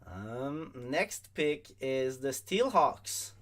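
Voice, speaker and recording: A man with a mid-range voice, announcing picks at a slow, unhurried pace. He pauses often, filling the gaps with ums and restarting his sentences as he hosts a live draft stream. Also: mid-range voice, big pitch swings, fairly bright tone. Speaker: draft broadcast host. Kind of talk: casual livestream commentary.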